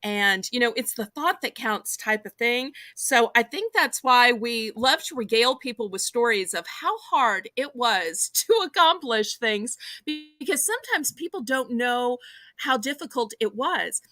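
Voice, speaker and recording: A woman's voice: fairly high pitch, animated, unhurried, bright, forceful tone, no room sound. A woman from the American South with a Southern accent, hosting a live stream and reading viewer comments aloud in an upbeat way. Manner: upbeat, reads out chat messages. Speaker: host.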